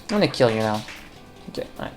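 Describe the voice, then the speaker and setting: A woman's voice: very deep voice, sing-song, quick pace, soft background music. A woman casually commenting on a puzzle game as she plays, rambling and joking, talking to the viewers and the game characters. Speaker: let's play commentator.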